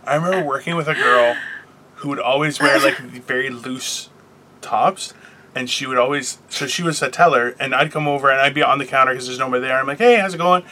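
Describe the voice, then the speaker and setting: Bright-voiced joking man, loose chat. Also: mid-range voice, fairly quick. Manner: joking, rambling, swears a lot. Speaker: podcast host. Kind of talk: casual chat. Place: in a car.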